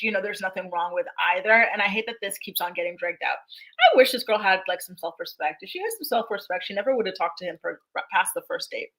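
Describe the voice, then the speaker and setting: A woman's voice: mid-range voice, fairly bright tone, rough recording. A young adult woman hosting a casual livestream, chatting dramatically and reading viewer comments aloud. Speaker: host.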